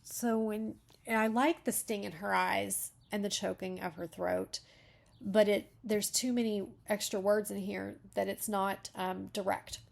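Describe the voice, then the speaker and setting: A woman's voice: mid-range voice, steady tone, measured pace, creaky. A woman reading a story aloud as a beta reader, breaking off to comment on the writing.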